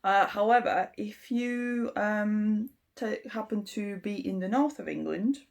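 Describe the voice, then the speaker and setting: A woman teaches an informal language lesson, walking through each point patiently and filling pauses with ums. She speaks slowly and deliberately. Her voice has a noticeable gravelly creak, and her pitch sits in a middle range. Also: a little mellow. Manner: unhurried and explanatory, with frequent ums. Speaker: English teacher.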